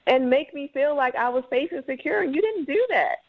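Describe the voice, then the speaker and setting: A woman's voice: high-pitched, expressive. Exasperated woman caller on phone line. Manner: dramatic, exasperated, quick to mock. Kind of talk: call-in radio complaint.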